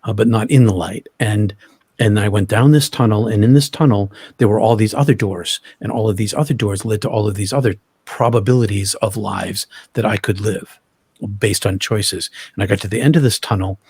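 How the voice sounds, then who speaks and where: Man, husky voice, dry close sound, halting storytelling, repeats words. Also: fairly low pitch, darkish tone, no room sound. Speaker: interview guest. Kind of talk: personal storytelling in an interview.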